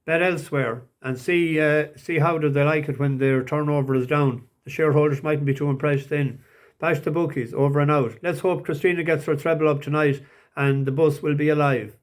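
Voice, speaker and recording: A man's voice: on the high side, fairly even intonation, a little fast. A man talking casually through horse racing tips, hesitant and full of fillers and restarts. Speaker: racing tipster. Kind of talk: casual betting tips talk.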